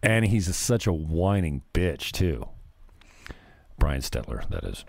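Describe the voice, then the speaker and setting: A man's voice: low-pitched, sing-song, slow, creaky. A man hosting a podcast, rambling through casual political commentary with profanity and sarcasm. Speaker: podcast host.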